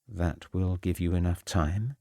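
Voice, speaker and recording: A man's voice: low-pitched, unhurried, creaky, mellow, no echo. A man voicing a guarded woman making secret arrangements, clipped and cool.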